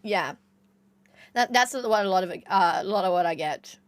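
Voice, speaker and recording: A young woman chatting casually with her live-stream chat, excitable, jumping between squeals and low mutters. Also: normal speed, dry recording. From Australia.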